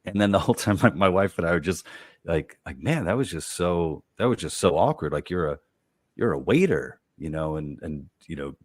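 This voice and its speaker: A man, a comedian, telling personal stories in relaxed conversation, halting with lots of fillers and repeated words. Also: sits low, no echo. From United States. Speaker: comedian guest.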